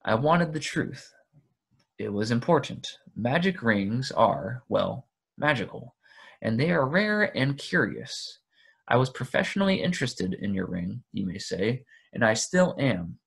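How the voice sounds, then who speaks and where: A man voicing a grave, patient old male wizard who speaks in a measured, deliberate way. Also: medium pitch, big pitch swings, gravelly, a bit bright, husky, exaggerated voice.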